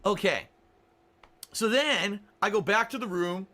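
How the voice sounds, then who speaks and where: A man's voice: sits high, animated, measured pace, sharp tone. A man hosting a radio show, telling a story in a sarcastic, exasperated way, cursing freely and firing rhetorical questions at listeners. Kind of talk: casual storytelling. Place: small studio.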